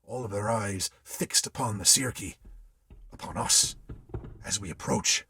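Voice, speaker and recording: A man's voice: on the low side, a little slow, sharp tone, a little hiss or hum. A man telling a ghost story dramatically, in the voice of an old-time sailor recounting his tale. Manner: old-time sailor's speech, theatrical delivery.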